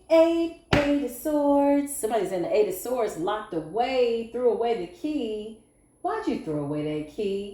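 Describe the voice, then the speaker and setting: A woman's voice: a little high, dark tone, echoey room. A woman giving a tarot reading to a collective audience, blunt, sassy and playful, with some cursing. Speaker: tarot reader.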